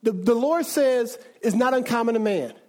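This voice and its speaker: A man's voice: very high voice, lively intonation, normal speed. A man preaching a sermon as a pastor, talking conversationally with frequent restarts and asides to the congregation.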